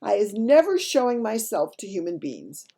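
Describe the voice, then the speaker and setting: A woman's voice: mid-range voice, very animated, moderate pace, mellow, husky, voice pushed up. A woman voicing a big kindly male giant who mangles his grammar and invents words. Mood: stubborn.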